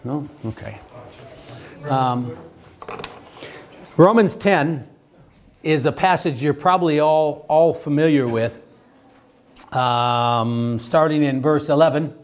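A male theology teacher, speaking in a slightly high voice. He lectures a class in a halting way, restarting his sentences and turning to the room with questions.

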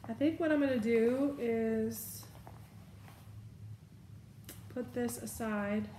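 A woman's voice: on the high side, takes it slowly, mellow, roomy sound, a little hiss or hum. A woman chatting casually as she packs her bag, thinking aloud. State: has the hiccups. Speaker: vlogger. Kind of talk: casual show-and-tell.

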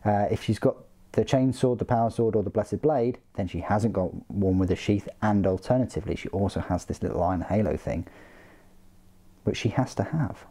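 A man's voice: on the low side, normal speed, dark tone. A man hosting a casual hobby unboxing, talking in a chatty, joking way with frequent ums and uhs. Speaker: hobby channel host.

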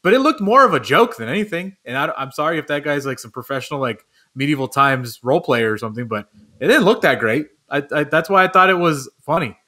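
A man's voice: on the high side, lively intonation, fast, bright, forceful tone. A man on a sports talk show telling a story in a laid-back way, swearing often. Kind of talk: casual storytelling.

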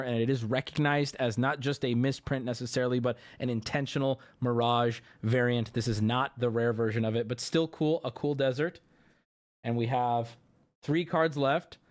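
A man in his thirties streaming live, talking casually and swearing, breaking into loud outbursts. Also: medium pitch. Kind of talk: live stream pack opening.

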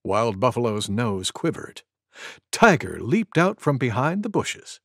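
Male storybook reader for preschoolers, slow, gravelly, with a very lively pitch. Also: dry recording, studio quality. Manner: expressive, gentle. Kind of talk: children's storybook reading.

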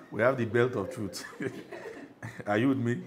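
A man's voice: mid-range voice, slow pace, slight background noise. A middle-aged Nigerian man preaching a sermon as pastor, emphatic, often asking the congregation if they follow.

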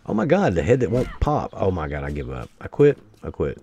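A man giving excitable commentary while playing a survival game, taunting enemies and breaking into sudden loud outbursts. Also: low voice, fairly quick, breathy edge, highs cut off. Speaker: gameplay streamer. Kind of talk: let's play commentary.

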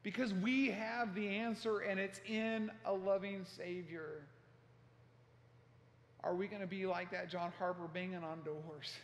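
A man preaching a sermon as pastor, telling a story with passion and acting out shouted quotes. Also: sits high, fairly even intonation, unhurried. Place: church sanctuary. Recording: echoey church hall.

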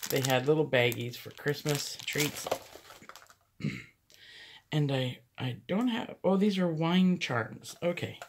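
A woman's voice: low-pitched, takes it slowly, long pauses, background noise. A woman chatting casually through a thrift haul, rambling into stories and laughing often. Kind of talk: casual haul vlog chat.

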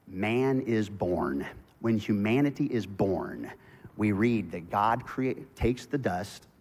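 A man preaching a sermon as pastor, telling stories with animated swings between loud excitement and hushed intensity. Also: lowish voice. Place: church sanctuary. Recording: church hall reverb.

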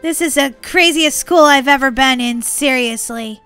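A woman giving excited gameplay commentary as a channel host, squealing, laughing and crying out in bursts of panic. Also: high voice, normal speed, soft background music. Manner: squealing, laughing, breathless exclamations.

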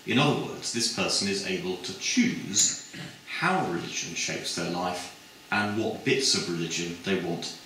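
A middle-aged man giving a public lecture in a measured, discursive way, with many filled pauses. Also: sits low, animated, sharp tone, a little hiss or hum. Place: lecture hall. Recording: echoey hall from a distant mic.

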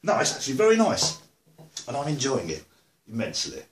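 A man's voice: mid-range voice, huge pitch swings, fairly quick, a little hiss or hum. An English man chatting casually to camera about beer and music, rambling with dry humor. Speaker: video blogger. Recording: roomy echo.

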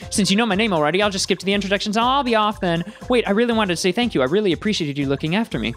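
A let's player voicing a polite, elusive young woman from a video game in a brisk manner. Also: mid-range voice, a bit bright, soft background music, pitched above the performer's own voice, close to an everyday voice. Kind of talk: reading game dialogue aloud in a let's play.

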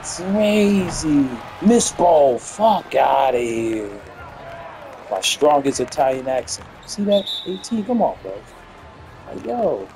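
A man casually commenting on his basketball video game, excitable and swearing, cheering his teammates on and laughing often. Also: a little high, slow pace, faint music behind. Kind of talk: casual live gameplay commentary.

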